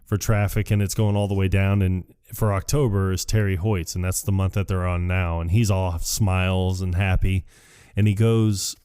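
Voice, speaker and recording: A man on a podcast, casually retelling movie scenes and acting out the lines with quick laughs. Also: low-pitched, level tone, dark tone, clean tone. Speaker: podcast co-host. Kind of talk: casual movie recap chat.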